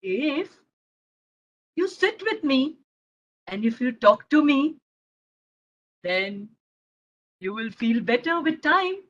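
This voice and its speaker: A woman voicing a calm, friendly anger monster in a storybook tale, speaking slowly and soothingly. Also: sits high, dull audio, exaggerated voice. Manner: slow, soothing, reassuring.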